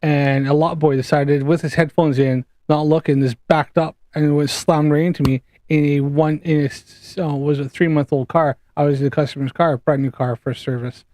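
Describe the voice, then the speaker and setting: A Canadian man with a faint Scouse edge, on the higher side for a man, talks over a video call. He tells stories with lively energy, swears freely and laughs as he goes. The sound is close and dry. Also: normal speed, few pauses, no echo. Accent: Canadian, with some Scouse. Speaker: guest. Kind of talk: casual chat.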